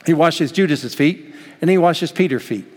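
Preacher with a ringing hall echo. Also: male voice, on the high side, moderate pace. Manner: preaching with dramatic swings between loud and hushed; acts out quoted voices in the story. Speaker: pastor. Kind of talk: sermon.

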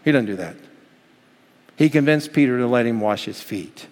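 A man preaching a sermon as pastor, swinging between loud emphatic lines and hushed, slow passages, and acting out quoted voices. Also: medium pitch, animated, long reverb tail. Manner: acts out quoted voices in the story.

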